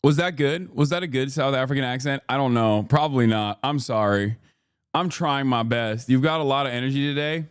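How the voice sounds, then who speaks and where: A man's voice: mid-range voice, fairly quick, clean tone, no room sound, clean studio sound. A man hosting a reaction stream, ranting with sarcasm and profanity in casual commentary. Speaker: streamer host.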